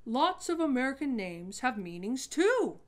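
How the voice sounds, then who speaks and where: A woman voicing a caring male schoolteacher in a storybook reading, gentle and reassuring. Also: high-pitched, sing-song, unhurried, voice pushed up. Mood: concerned.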